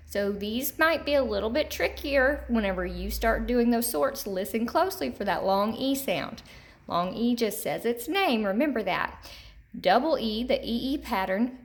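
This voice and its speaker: A woman teaching third graders in a recorded lesson, speaking clearly and repeating each word slowly for young children. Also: medium pitch.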